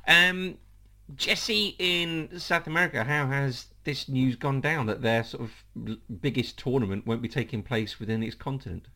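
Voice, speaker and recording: A man hosting a casual football podcast, reading out lists briskly and correcting himself. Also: medium pitch, bright, forceful tone. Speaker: podcast host. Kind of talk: casual panel chat.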